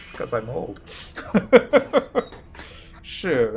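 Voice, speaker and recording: A man's voice: mid-range voice, very animated, slow, long pauses. A man in his thirties giving casual gameplay commentary, rambling and reminiscing with self-mocking asides. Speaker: game streamer. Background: game music.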